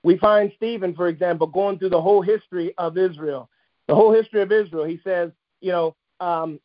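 A man's voice: sits high, brisk, lo-fi sound. A man preaching a sermon, emphatic and repetitive, driving points home with restated phrases. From United States.

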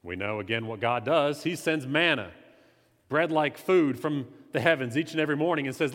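Guy giving a church talk, lively then hushed, echoey hall. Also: on the high side, moderate pace. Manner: animated, conversational, swings between loud emphasis and quiet confession. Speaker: lay preacher. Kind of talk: church teaching. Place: church sanctuary. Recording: reverberant hall.

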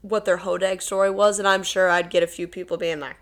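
A woman co-hosting a podcast in casual chat, chatty and quick to laugh. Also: fairly low pitch, level tone. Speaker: podcast co-host.

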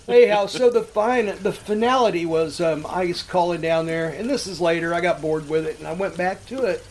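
A man's voice: sits high, fairly quick, hardly any pauses. A middle-aged man hosting a comedy show, telling rambling, profane stories and laughing often. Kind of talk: casual comedic storytelling.

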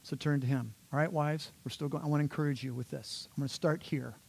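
Animated man preaching a sermon. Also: on the high side, fast, gravelly, slightly rough. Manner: animated, playful voices for quotes; conversational, addresses the congregation directly. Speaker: pastor.

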